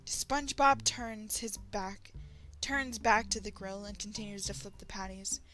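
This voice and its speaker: A woman from Texas reads a dark fan story aloud for her channel, animated and quick to break in with her own reactions. Her voice is bright and clear-edged. Faint music plays underneath. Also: medium pitch, rough recording. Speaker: story reader, channel host. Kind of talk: reading fan fiction aloud with comments.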